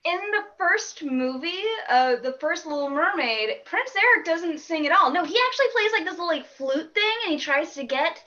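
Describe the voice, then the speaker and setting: A woman's voice: very high-pitched, animated, normal speed, few pauses, sharp tone. A woman playing an improv debate game on a video call, chatty with a questioning lilt. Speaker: improv performer. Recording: muffled video call audio.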